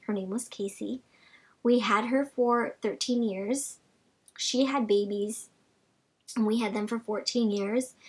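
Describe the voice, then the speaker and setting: A young woman vlogger answers viewer questions in a loose, rambling way, full of "like" and restarts. Her voice sits fairly high and has a breathy, slightly husky grain. She sometimes sinks into a soft near-whisper. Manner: chatty, rambling, many "like" fillers. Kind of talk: casual Q&A vlog chat.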